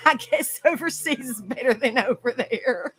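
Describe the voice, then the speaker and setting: A woman's voice: high voice, expressive, takes it slowly, fairly bright tone, breathy edge, rough recording. A woman hosting an open panel in casual chat, rambling with lots of fillers and frequent giggles.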